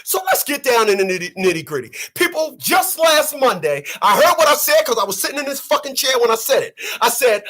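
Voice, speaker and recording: A man's voice: extremely high pitch, very animated, a little fast, few pauses, pushed and bright, husky. A man delivering preachy, profane ranting commentary on his channel, repeating lines for effect. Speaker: vlogger.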